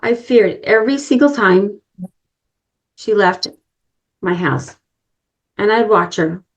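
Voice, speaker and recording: A woman's voice: medium pitch, animated, slow pace, highs cut off. A middle-aged woman giving an inspirational talk, telling a personal story earnestly and addressing the listeners directly. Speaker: summit speaker.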